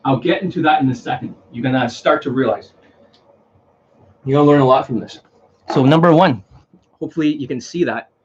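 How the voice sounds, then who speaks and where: Talking casually to camera in a home video, a dating coach lectures bluntly and repetitively, swearing under his breath. His medium-pitched voice is slightly rough and fairly quick, with frequent pauses, and the audio sounds dull.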